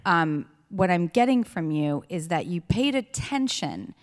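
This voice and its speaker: A woman's voice: fairly low pitch, lively intonation, measured pace. A woman interviewing a guest on stage, earnest, reflective and openly enthusiastic. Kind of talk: onstage conversation. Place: live event stage. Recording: long hall reverb.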